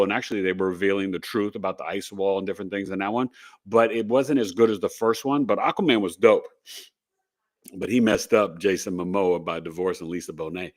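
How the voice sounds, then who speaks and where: Chatty rambling male podcast host. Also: low voice. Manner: rambling, upbeat, chatty with asides to viewers. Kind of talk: casual livestream chat.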